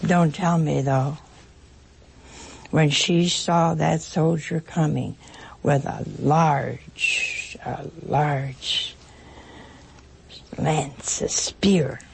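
A woman preaching an emotional sermon, pausing dramatically and dropping at times to a whisper. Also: low voice, creaky, a little hiss or hum.

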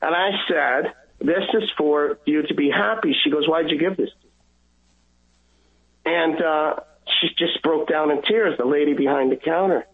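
Over a thin, tinny phone connection, a male guest caller with a slightly high voice shares a personal faith story. He's earnest but halting, often restarting his sentences, and he acts out what other people said.

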